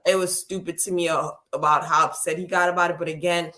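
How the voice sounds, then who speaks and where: A woman's voice: lowish voice, flat delivery, fast, pushed and bright. Blunt woman recapping reality TV. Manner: blunt, dismissive opinions. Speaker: podcast co-host. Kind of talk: casual reality TV recap chat.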